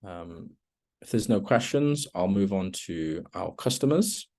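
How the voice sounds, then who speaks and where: A product trainer with a low-pitched, unhurried voice leads a relaxed screen-share demo of a software tool in an online meeting. He says "um" a lot as he walks through each step.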